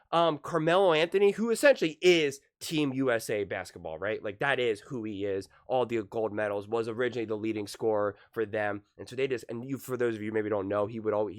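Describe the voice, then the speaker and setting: A man with a sore, worn voice gives casual basketball commentary. He is excitable and emphatic, and he often restarts and repeats his points. His pitch sits in a middle range. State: sore voice from screaming.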